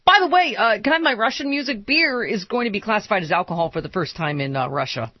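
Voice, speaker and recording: A woman's voice: medium pitch, expressive, quick pace, dry recording. A woman hosting a talk radio show, joking through the news and laughing at her own lines. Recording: slightly dull broadcast audio.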